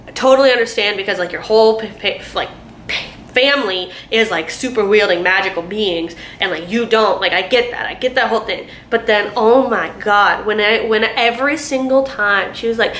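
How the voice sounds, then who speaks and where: A woman's voice: medium pitch, moderate pace, a bit bright. A young woman reviewing books in a casual, rambling way, full of fillers and acted-out quotes. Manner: chatty, rambling, lots of fillers, acts out quotes. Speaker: booktuber. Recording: echoey room, faint noise.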